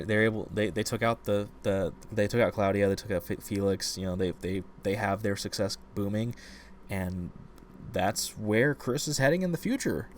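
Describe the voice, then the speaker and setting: A man co-hosting a podcast, casually discussing a novel and retelling its scenes in an animated, ranting way. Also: on the low side, slight background noise. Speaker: podcast co-host.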